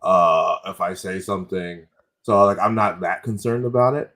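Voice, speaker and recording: A man's voice: sits low, normal speed, fairly bright tone. A man, a comedian guest on a podcast, telling rambling stories in casual chat and correcting himself as he goes. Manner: rambling anecdotal storytelling with self-corrections.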